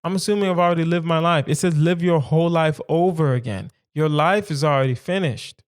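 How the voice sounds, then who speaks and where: A man's voice: on the high side, a little fast, clear, resonant tone. Playful rambling male comedian. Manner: rambling, playful, rhetorical questions. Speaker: comedian podcast host. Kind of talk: casual solo podcast musing.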